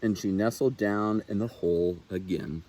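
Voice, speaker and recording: A man, a naturalist, reading a children's picture book aloud with expressive, unhurried storytelling. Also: on the low side.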